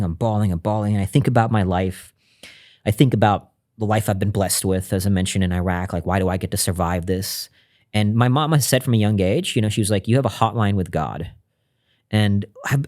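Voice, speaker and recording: Earnest, low-voiced man telling his story. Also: brisk. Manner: earnest and reflective, drops to a hushed voice when recounting intimate moments. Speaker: podcast guest. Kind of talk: conversational interview storytelling.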